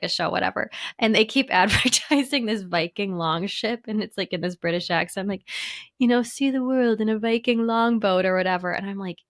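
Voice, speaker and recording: A woman's voice: medium pitch, creaky, fairly bright tone. A woman co-hosting a podcast in casual chat, telling candid stories about her own life. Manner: candid, storytelling with laughs between phrases. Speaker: podcast co-host.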